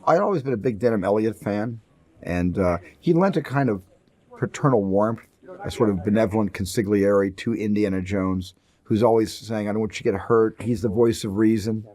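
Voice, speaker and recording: A man, a film director, telling relaxed, anecdotal stories in a documentary interview, often repeating words as he thinks. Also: lowish voice, moderate pace. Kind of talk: documentary interview, recalling the production.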